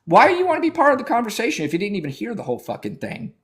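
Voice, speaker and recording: A man's voice: sits high, huge pitch swings, very fast. A man hosting a live political debate stream, arguing heatedly and profanely with a caller and talking over him.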